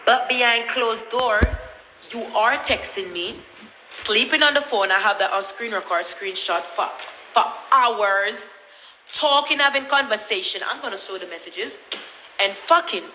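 A woman's voice: on the high side, measured pace, bright, forceful tone, echoey room, slight background noise, poor audio. A woman with a Jamaican accent telling a story in a blunt, repetitive, cussing rant. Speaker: vlogger.

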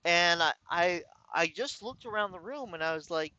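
Man, californian, slow reflective storytelling, dry close sound, bright tone. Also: high-pitched, lively intonation, smooth, no room sound, lo-fi sound. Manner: slow, reflective, with pauses and restarts. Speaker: vlogger. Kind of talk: casual storytelling to camera.

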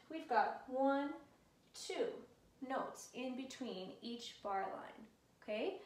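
A woman's voice: sits high, distant mic. A woman music teacher giving an encouraging lesson to children in a classroom, counting and chanting along with them. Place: classroom with whiteboard. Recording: echoey room, voice from afar.

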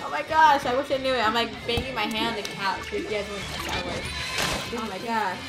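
A woman's voice: fairly high pitch, quick pace. A young woman hosting a casual game stream from a couch at home, bubbly and chatty, often laughing. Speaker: stream host. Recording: echoey room with game music.

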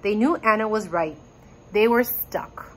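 A woman reading a children's chapter book aloud with expressive, animated storytelling. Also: mid-range voice, a little slow, rough recording. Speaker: reader.

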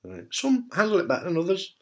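A man's voice: high voice, wildly swooping pitch, quick pace, a bit bright. A man and cancer survivor, talking casually and bluntly to camera, frank and jokey with the odd swear word. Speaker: testicular cancer survivor giving advice.

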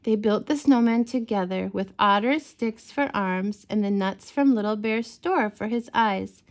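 A woman reading a bedtime story aloud to children, gentle and expressive. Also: medium pitch, a little slow.

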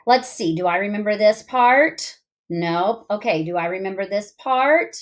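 A middle-aged woman teacher giving a remote reading lesson to young children, thinking aloud in an expressive, sing-song way. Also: medium pitch, unhurried.

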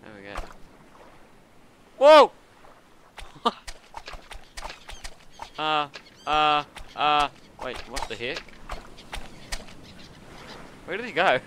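A man giving casual commentary as he plays a game, excitable and talking to himself, with sudden yelps and laughs. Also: a little high, slow, long pauses, a little hiss or hum. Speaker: gaming video creator.

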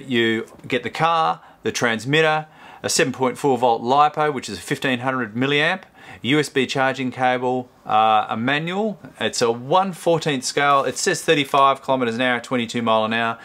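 A man's voice: medium pitch, sharp tone. A man hosting a casual product review, chatting and rambling as he unboxes, often correcting himself mid-sentence. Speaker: host.

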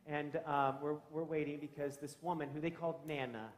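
A man who is a pastor, telling a story, growing hushed and then loud as the story turns. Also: fairly high pitch, flat delivery, fairly quick. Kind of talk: storytelling sermon. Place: church sanctuary. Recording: echoey church room.

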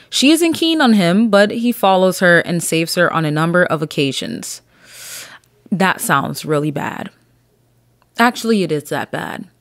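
A woman's voice: lowish voice, no room sound. Solo podcast host, young adult woman, brash and profane, dead-dry booth sound. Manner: blunt, profane, rambling. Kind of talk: casual solo podcast chat.

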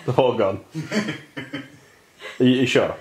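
A woman's voice: a bass voice, measured pace, crowd noise. A young woman vlogging casually, teasing and coaxing a friend. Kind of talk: casual chat. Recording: echoey room with noise.

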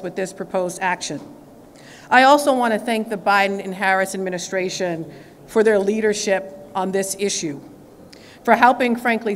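Woman attorney general in a reverberant hall. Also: mid-range voice. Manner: formal, with occasional fillers. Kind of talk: formal speech at a press conference. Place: government press event room. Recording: reverberant hall with faint background noise.

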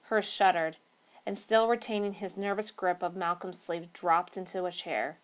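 A woman narrating a ghost story aloud, steady, with small slips and restarts. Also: on the low side, normal speed.

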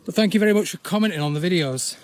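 A man, chatting casually as he walks an overgrown old railway path outdoors, often pausing on "uh". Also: sits high. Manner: chatty, with frequent "uh" pauses. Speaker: urban exploring vlogger. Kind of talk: casual walk-and-talk commentary.

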